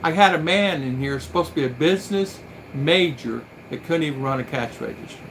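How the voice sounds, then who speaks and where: A man on a livestream tells a long personal story, wandering from one detail to the next in casual conversation. His voice is a little high for a man, and a faint hum sits behind him. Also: a little fast. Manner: rambling storyteller. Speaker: livestream guest. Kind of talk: casual anecdotal chat.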